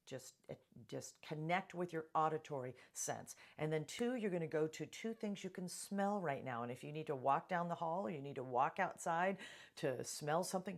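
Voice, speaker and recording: Earnest woman coaching the listener. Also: deep voice. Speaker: presenter. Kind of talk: calm-down advice talk to camera.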